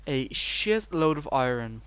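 A man's voice: medium pitch, sing-song, takes it slowly, fairly bright tone, clean tone, muffled recording. A young British man chatting casually while gaming, sarcastic and crude. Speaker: co-host gamer.

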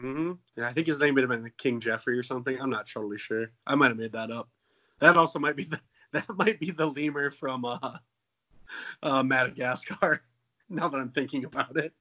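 A man's voice: fairly quick, pushed and bright, muffled recording. Joking, profane man in his twenties. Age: 20s. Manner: jokey, profane, bursts into silly high voices. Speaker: podcast co-host. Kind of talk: casual comedic chat.

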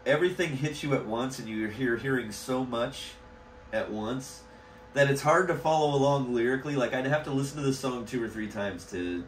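A man's voice: mid-range voice, normal speed. A man co-hosting a casual reaction chat, easygoing and musing aloud with small restarts. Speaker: reaction video host. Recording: echoey room, distant mic, faint hiss.

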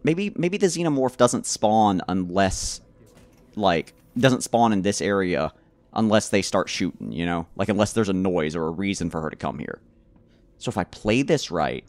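Low-voiced man nervously chattering through gameplay. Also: moderate pace, no room sound. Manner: rambling nervous self-talk, repeated stammered restarts; sudden loud excited outbursts. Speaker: gamer playing a horror game. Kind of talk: let's play commentary.

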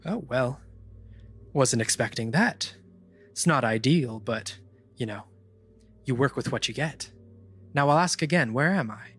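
A man's voice: mid-range voice, animated, unhurried, pauses often, a bit bright, husky, soft background music. A man voicing a curious, breezy female spirit speaking through a dead half-orc's body in a tabletop game, with an airy, offhand manner. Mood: unbothered.

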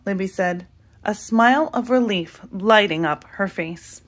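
A woman reading a children's picture book aloud in an expressive narrating voice. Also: lowish voice, moderate pace. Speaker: storybook reader.

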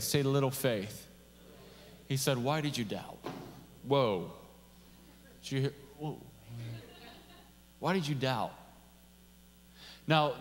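A man's voice: fairly high pitch, a bit bright. A male pastor giving a conversational, jokey sermon full of rhetorical questions, in a church. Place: church sanctuary. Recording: long church reverb.

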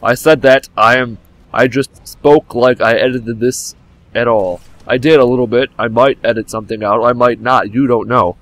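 A young man at home beside a game console commentates on the game he's playing, his medium-pitched, fairly bright voice steady and at normal speed with no room sound. He jokes, flipping between mock drama and sudden yelps, and now and then leans back from his desk microphone.

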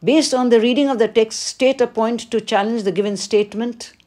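A woman, teaching as she works through an exam paper, reading each question aloud and then explaining the answer with pauses. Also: a little high, steady tone, darkish tone. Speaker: English teacher. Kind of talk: exam paper walkthrough lesson.

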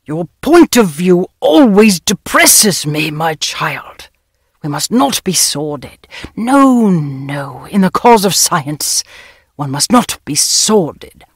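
A woman reading an audiobook, voicing an absent-minded, pedantic elderly male scholar who lectures and gently reproaches. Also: on the low side, sing-song, slow, slightly rough, no room sound, studio quality, full character voice. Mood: reproachful. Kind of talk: audiobook character voice.

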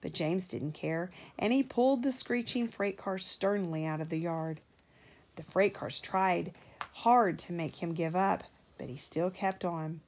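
A woman doing slow, gentle storybook reading. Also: lowish voice. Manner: slow and expressive, raising her voice for characters. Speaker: parent reading aloud. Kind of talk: storybook read-aloud with character voices.

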